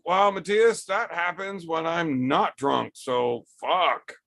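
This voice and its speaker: Brief: tipsy male stream host, gravelly voice, foul-mouthed and rambling. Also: a little high, takes it slowly, hardly any pauses, fairly bright tone. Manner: profane, rambling storyteller. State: drinking, tipsy. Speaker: livestream host reading chat. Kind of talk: casual storytelling chat.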